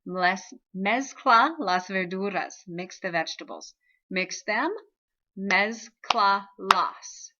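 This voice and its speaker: A woman's voice: medium pitch, expressive, takes it slowly, highs cut off, heavy background noise. A woman teaching a recorded video lesson, explaining patiently and checking in with frequent "okay?". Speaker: Spanish teacher.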